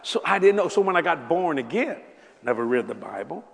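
A man in his seventies preaching a sermon to a congregation, telling humorous stories with lively asides to the people in front of him. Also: fairly high pitch, brisk, gravelly. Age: 70s. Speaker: pastor. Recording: long hall reverb.

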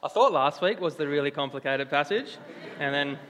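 Young pastor preaching in a reverberant hall. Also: male voice, a little high, normal speed, a little hiss or hum. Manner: animated storytelling, conversational with restarts. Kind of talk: sermon. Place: church hall. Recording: long church reverb.

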